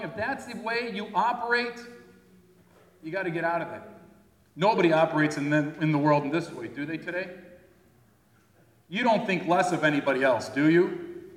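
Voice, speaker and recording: A man's voice: on the high side, normal speed, long pauses. A man preaching a sermon in a conversational way, often checking in with his listeners. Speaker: pastor. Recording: echoey hall.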